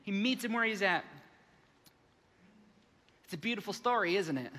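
A man from the United States preaching a sermon as pastor, animated and acting out the voices in his stories. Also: high-pitched, moderate pace, long reverb tail. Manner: animated, acts out voices, frequent restarts. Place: large church sanctuary.

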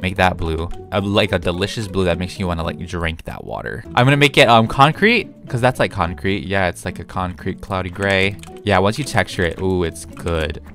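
A young man with a deep, low-pitched voice chats his way through a video game build, thinking out loud with plenty of "like" and "you know". He sounds close to a desk microphone, with soft music playing underneath. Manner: chatty, rambling, self-talk with frequent fillers and giggles. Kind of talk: casual commentary while building in a game.

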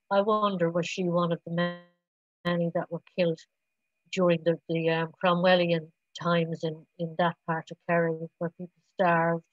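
A middle-aged woman giving a public lecture on archaeology, rambling and halting with many restarts and fillers. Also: on the low side, no echo. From Ireland. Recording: dull lo-fi recording.

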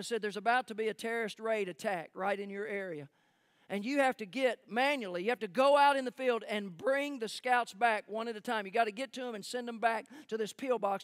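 Guy preaching in church, pretty high voice, big emphatic story then goes quiet, dry sound. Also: no room sound. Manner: emphatic, rising and dropping to hushed tones, with restarts. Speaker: pastor. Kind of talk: sermon storytelling. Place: church sanctuary.

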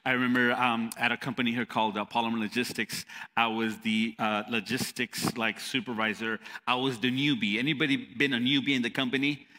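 A man's voice: mid-range voice, little pitch movement, fairly quick, hardly any pauses, pushed and bright. A male pastor preaching a sermon, telling stories animatedly and asking the crowd questions. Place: church hall. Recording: long church hall reverb.

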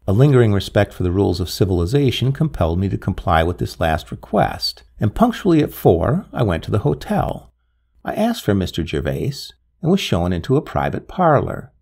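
A man narrating a gothic tale in a measured, dramatic way. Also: gravelly, a little mellow. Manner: measured, dramatic, with wide swings of pitch. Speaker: storyteller.

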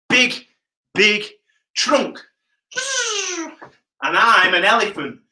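A man leading a live online PE lesson for children, energetic and playful, calling out instructions. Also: high voice. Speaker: PE coach. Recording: roomy echo.

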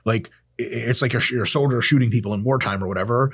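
A man's voice: medium pitch, fast, a bit bright, breathy edge, no echo, clean studio sound. A man in his thirties hosting a casual, profane monologue to camera, sarcastic and blunt. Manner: profane, sarcastic, acts out quoted people in silly voices. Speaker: host. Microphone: camera mic, close.

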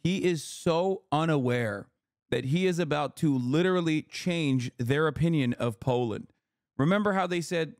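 A man's voice: fairly high pitch, normal speed, no echo, clean studio sound. Sarcastic, profane male streamer. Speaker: streamer reacting to a video. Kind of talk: casual live-stream commentary.

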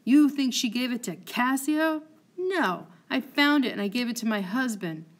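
A woman's voice: fairly low pitch, normal speed, lightly acted. A woman voicing an outraged, loyal maidservant who speaks with indignant passion. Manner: indignant, impassioned.

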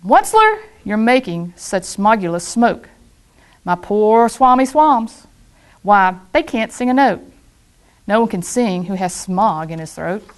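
A woman voicing a small grumpy creature who scolds and complains with a croaky cough, while reading a children's storybook aloud. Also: medium pitch, animated, a little slow, natural voice. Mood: scolding.

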